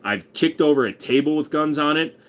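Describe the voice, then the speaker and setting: A man's voice: on the high side, moderate pace. A man in his forties hosting a casual livestream, crudely joking and reading viewer messages aloud. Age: 40s. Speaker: livestream host.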